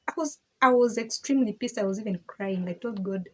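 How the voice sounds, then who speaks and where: A woman's voice: fairly high pitch, a little fast, few pauses, poor audio. A woman giving a candid personal faith testimony, emphatic and frank, repeating herself and laughing between points. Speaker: vlogger sharing her faith testimony.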